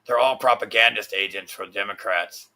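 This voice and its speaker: A man's voice: on the low side, normal speed, pushed and bright. A man hosting a livestream, ranting with constant swearing and frustrated rambling. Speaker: livestream host.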